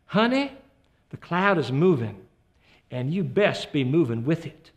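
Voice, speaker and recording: A man voicing God with a put-on Southern US accent, gentle and folksy in his reassurance. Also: a little high, very animated, measured pace, voice pushed down.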